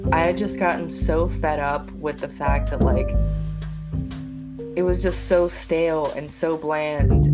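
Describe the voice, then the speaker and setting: A woman telling her own story in a casual, halting way, with many fillers. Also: on the low side. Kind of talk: personal testimony.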